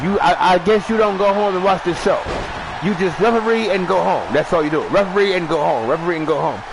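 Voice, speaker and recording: A man hosting a wrestling show, shouting a rambling profane comic monologue, stuttering at times and eating while he talks. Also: sits high, creaky, noisy background. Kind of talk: loud profane comedic monologue.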